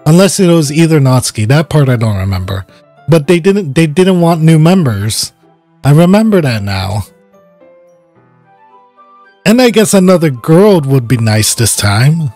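Be a man playing a game on camera, loose and chatty, swearing now and then and laughing easily. Keep your delivery slow and a little higher than the average man's. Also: sing-song, a little mellow, dry recording, soft background music. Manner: swears and laughs, reads game dialogue aloud. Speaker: gaming channel host. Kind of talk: casual let's-play commentary.

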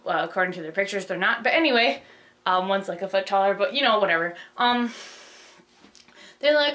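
A young woman rushing through a casual plot summary, rambling with lots of fillers and self-corrections, bubbly and flustered. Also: mid-range voice, animated, fairly bright tone. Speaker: video host.

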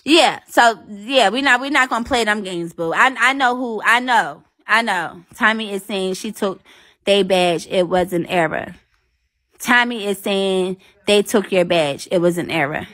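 A medium-pitched woman talks a little slowly as she hosts a casual live stream. She's animated, speaking right to her audience, thanking commenters, and swearing as she vents bluntly.

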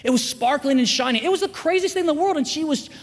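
A man in his forties giving an animated chapel sermon to students, swinging between loud emphatic lines and hushed asides. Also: very high-pitched, quick pace. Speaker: guest chapel speaker. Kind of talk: energetic chapel sermon with storytelling. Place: school chapel, large room. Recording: long hall reverb.

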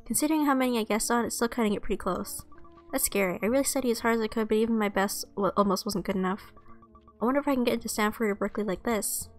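A woman's voice: on the high side, racing, soft background music, close to an everyday voice. Woman reading as a nervous, timid schoolgirl. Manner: nervous, self-deprecating. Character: anxious, timid teen schoolgirl narrator.

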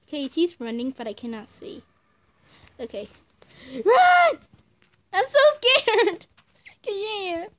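Shrill, very high-pitched young woman gamer. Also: fairly bright tone. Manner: screams and laughs often, speaks in short outbursts. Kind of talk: casual gameplay commentary.

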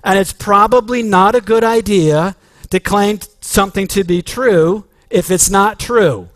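A man's voice: high voice, measured pace, a bit bright, no room sound. A man preaching a sermon as pastor, earnest and emphatic, with frequent restarts.

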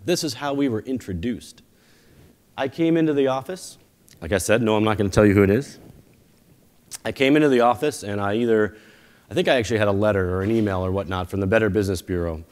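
A man's voice: medium pitch, darkish tone. A man giving a conference keynote, telling stories in a conversational way with self-deprecating jokes. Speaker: company founder giving a keynote. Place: conference stage before a live audience.

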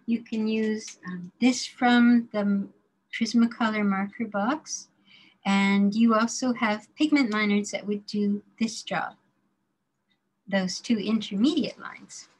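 A woman teaching a drawing class, explaining slowly and carefully while she demonstrates, now and then murmuring to herself as she works. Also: mid-range voice, fairly even intonation, low-quality recording. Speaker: design drawing instructor.

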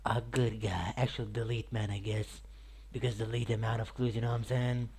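A man talks his way through a game session in a loose, rambling stream of chatter. He says "like" and "mate" constantly and breaks into loud, high shouts before dropping back to a mumble. His voice sits at an ordinary middle pitch. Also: lively intonation, moderate pace, breathy edge. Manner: says "like", "mate" and "I guess" often. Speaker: gaming YouTuber. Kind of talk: casual gameplay commentary.

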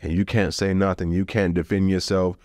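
Very deep-voiced man, blunt storyteller. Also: little pitch movement, fairly quick, darkish tone, no echo, clean studio sound. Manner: blunt and profane, emotional swings. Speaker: podcast guest. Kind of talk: candid personal storytelling.

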